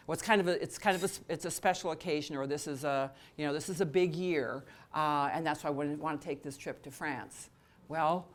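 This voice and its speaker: A woman leading an interactive training session, talking conversationally with many fillers and restarts, and joking with the attendees. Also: low voice. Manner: laughs and jokes with attendees. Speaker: workshop trainer.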